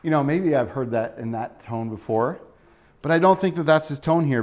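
A man's voice: fairly high pitch, lively intonation, moderate pace. Conversational man preaching a sermon. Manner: conversational, asks the congregation questions. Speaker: pastor.

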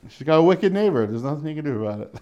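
A man's voice: on the high side, big pitch swings, fast talker, mellow, dull audio. Chatty man teaching scripture verse by verse. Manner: conversational, chuckles often, acts out quoted voices. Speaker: pastor teaching a Bible study. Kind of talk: casual verse-by-verse Bible teaching.

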